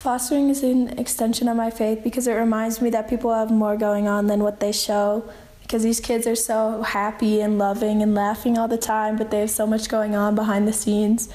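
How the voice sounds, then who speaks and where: A woman giving a steady, composed reflection on her faith. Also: a little high, moderate pace.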